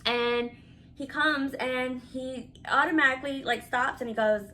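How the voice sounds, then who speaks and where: Bright-voiced woman telling a story. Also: high-pitched, measured pace, a little hiss or hum. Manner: animated and candid, swears freely. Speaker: vlogger. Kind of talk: casual storytelling.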